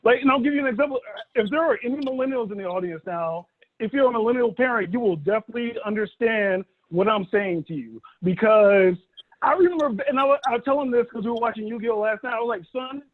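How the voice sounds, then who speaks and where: A man in his thirties from Dallas, Texas, performing a stand-up comedy set, telling animated stories with acted-out quotes into a phone held by his son. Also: very high-pitched, quick pace. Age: 30s. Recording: thin phone-like audio.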